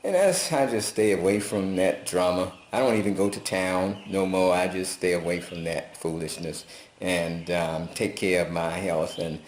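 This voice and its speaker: A man talking in a folksy, preachy, casual vlog style, telling animated stories. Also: deep voice, moderate pace, slight background noise. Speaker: vlogger. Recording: roomy echo.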